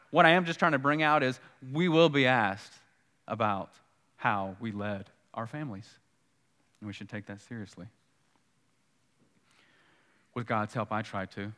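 A man's voice: medium pitch, pushed and bright, long reverb tail. A man preaching a sermon in a conversational way, repeating key points for emphasis and acting out the dialogue of scripture. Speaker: pastor.

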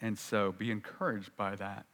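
A man preaching a sermon, telling a story with energy and acting out the lines he quotes, with rises and drops in pitch and loudness. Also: normal speed, big-room sound. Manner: animated storytelling, acts out quotes with big jumps in pitch and volume. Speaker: pastor.

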